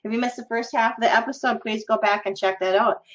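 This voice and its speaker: A woman's voice: fairly high pitch, fairly even intonation, quick pace, fairly bright tone. A woman hosting a podcast, telling a story in a casual, giggly, chatty way. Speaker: podcast host. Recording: lo-fi recording.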